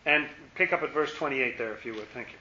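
A man's voice: medium pitch, fast, noisy background. A man leading a Bible study in a conversational way, repeating words and asking his listeners questions. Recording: echoey room, muffled lo-fi sound.

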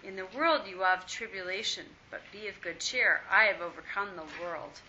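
A woman reading scripture aloud in a steady, measured way during a Bible study. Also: medium pitch. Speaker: scripture reader. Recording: muffled lo-fi with faint hiss.

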